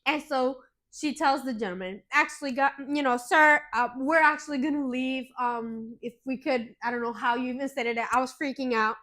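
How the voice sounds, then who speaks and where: A woman co-hosting a podcast, telling a story in casual chat with animated, dramatic retelling and some swearing. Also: high-pitched, moderate pace. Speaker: podcast co-host.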